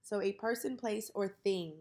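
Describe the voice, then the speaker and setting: A woman teacher leading a children's reading lesson, modeling each word slowly and clearly. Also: mid-range voice, dark tone.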